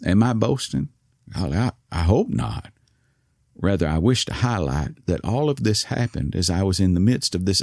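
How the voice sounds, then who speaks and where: A man with an East Texas accent telling a story in a soft voice whose words slur, courtly and wry. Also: lowish voice, dry recording, studio quality. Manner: courtly, old-fashioned and wry. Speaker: podcast host. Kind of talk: storytelling monologue.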